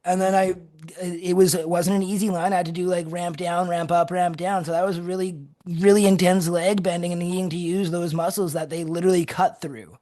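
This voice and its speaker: A man guesting on a podcast, telling stories in an energetic, animated way and laughing often. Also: high-pitched, brisk. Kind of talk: casual storytelling chat.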